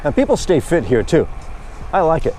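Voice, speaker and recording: A man's voice: on the high side, very animated, normal speed, warm tone, faint music behind. A man chatting casually and rambling good-humoredly while riding his bike outdoors. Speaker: vlogger. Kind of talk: casual narration while cycling.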